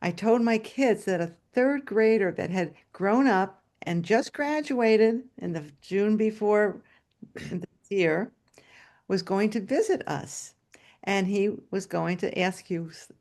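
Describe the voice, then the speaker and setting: An older woman tells a personal story from her teaching years to a story-swap group over a video call. Her voice sits at a middling pitch for a woman. She tells it in a lively, expressive way and acts out the dialogue. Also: slow.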